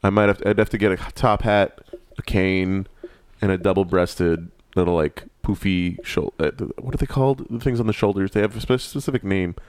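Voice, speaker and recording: A man's voice: low voice, brisk, darkish tone, smooth, no room sound. A man from San Francisco co-hosting a casual chat, wry and rambling. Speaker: podcast co-host.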